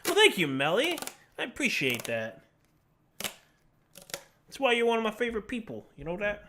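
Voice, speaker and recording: Bright-voiced joking male streamer. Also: high-pitched, wildly swooping pitch, normal speed, slight background noise. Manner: joking, self-deprecating, talks to cats and chat. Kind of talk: casual live-stream chat.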